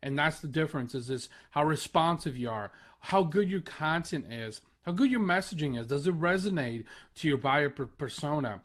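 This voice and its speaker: A man's voice: on the high side, lively intonation, normal speed, few pauses, a bit bright. An earnest man in his thirties speaks in a slightly raised voice during a solo live talk. He is emphatic and often repeats key phrases to drive a point home. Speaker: podcast host and marketing consultant.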